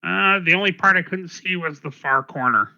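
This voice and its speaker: A man's voice: sits high, moderate pace, vocal fry, sharp tone, highs cut off. A man playing a tabletop game, casually describing what his character does and sees. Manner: casual, laughs easily, drops into his character's voice. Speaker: player. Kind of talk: tabletop game play over voice chat.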